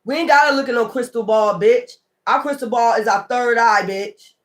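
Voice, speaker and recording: This man's voice is very high-pitched and fairly bright, moving at a moderate pace. Running his own tarot channel, he goes off in an improvised, expletive-laden rant, hammering critics with repeated taunts and calling them weirdos.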